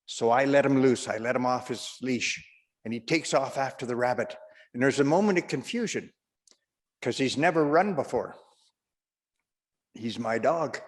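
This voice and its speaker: Male stand-up comic, rambling anecdotal storytelling, mid-pitched voice, long reverb. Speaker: stand-up comedian.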